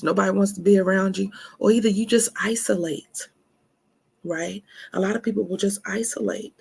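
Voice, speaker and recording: A woman's voice: mid-range voice, gravelly, darkish tone, husky. A woman giving an emphatic self-care talk, calling her listeners honey. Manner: emphatic, laughing asides, calls listeners honey. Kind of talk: motivational talk.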